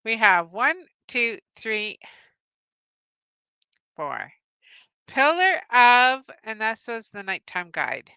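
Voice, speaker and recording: A woman with a slightly high, bright voice hosts a live-stream Bible trivia game. She talks slowly and clearly, with a smooth, crisp sound. She is cheerful, laughs often and reads her viewers' answers aloud. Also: very animated, dry recording, highs cut off. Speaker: host.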